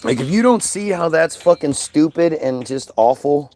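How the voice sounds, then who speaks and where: A man's voice: fairly high pitch, expressive, normal speed, a little mellow, soft background music. A man ranting angrily in a commentary video, profane and sarcastic, and at times mocking others in put-on voices.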